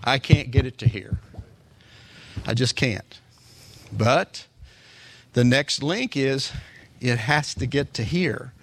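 A man's voice: medium pitch, takes it slowly, long pauses. A male pastor preaching a sermon in a conversational way, with speech and rhetorical asides to the congregation.

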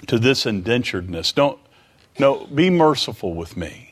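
A man's voice: mid-range voice, very animated, moderate pace. A man preaching a sermon, retelling a scripture story with dramatic pleading quotes and rhetorical questions to his listeners.

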